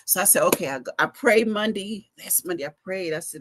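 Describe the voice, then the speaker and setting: Speaking a little fast with few pauses, this middle-aged woman has a mid-range voice. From her home basement, she livestreams casually into a phone, chatting animatedly with viewers as a fashion week organizer giving a live update.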